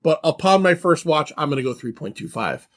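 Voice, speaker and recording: Slightly high-voiced podcast host. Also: male voice, sing-song, a little fast, fairly bright tone. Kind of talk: casual film review chat.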